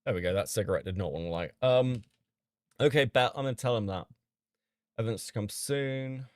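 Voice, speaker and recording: A man streaming casually as he reads out chat logs and reacts with sudden loud disbelief and swearing. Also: mid-range voice, a little fast, dry recording, clean studio sound.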